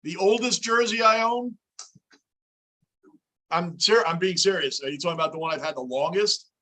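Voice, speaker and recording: A middle-aged man with a high voice and a bright, forceful tone hosts a sports fan livestream. He talks casually and in an animated way, cheering the players and answering viewer questions as they come in. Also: moderate pace. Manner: animated, chatty, reads viewer comments aloud. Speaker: livestream host. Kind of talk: casual fan reaction chat.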